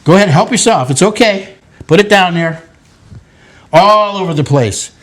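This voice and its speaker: In this easygoing home cooking demo with children, the host is an older man whose voice is strikingly high. He encourages and coaxes the kids playfully while they work, keeping a moderate pace.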